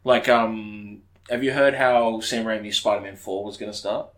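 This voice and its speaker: A man's voice: fairly low pitch, flat delivery, moderate pace, a bit bright. A man co-hosting a podcast in casual chat, rambling and enthusiastic, with frequent restarts and casual swearing. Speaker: podcast co-host.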